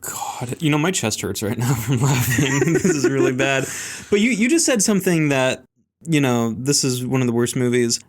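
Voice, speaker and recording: A man's voice: mid-range voice, very animated, normal speed. A man hosting a casual podcast, bluntly ranting about a film with profanity and mocking impressions. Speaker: podcast host.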